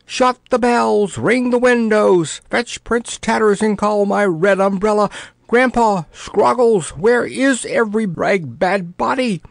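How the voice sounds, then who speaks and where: A man's voice: sits high, slow, creaky, dry recording, pitched above the performer's own voice, heavily acted. Man doing a quavering, panicky old king. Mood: frantic. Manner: quavering, spluttering, frantic. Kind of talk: audiobook character voice.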